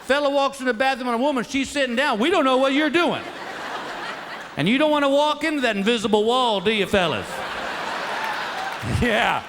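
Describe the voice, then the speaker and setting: Guy doing stand-up, high-ish voice, crowd roaring, noisy live mic. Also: animated, normal speed, long pauses. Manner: folksy, exasperated storytelling, acting out his wife and himself. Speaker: stand-up comedian. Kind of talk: stand-up comedy set. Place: large theater with a laughing audience. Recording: live show with loud crowd laughter.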